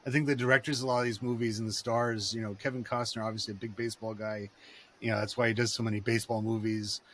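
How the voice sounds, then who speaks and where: A man's voice: on the low side, level tone, fast talker, slight background noise. A man in casual podcast chat, telling rambling, digressive stories.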